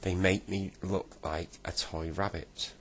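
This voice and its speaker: A man's voice: low voice, level tone, measured pace, slight background noise. A man voicing a grumpy saucepan man turned into a toy rabbit, rude and sulky.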